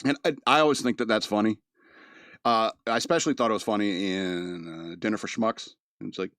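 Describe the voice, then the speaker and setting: Homme qui rit en critiquant un film. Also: male voice, fairly low pitch, brisk, fairly bright tone, no room sound, clean studio sound. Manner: rambling, laughs often, acts out quotes. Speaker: podcast movie reviewer. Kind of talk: casual solo review.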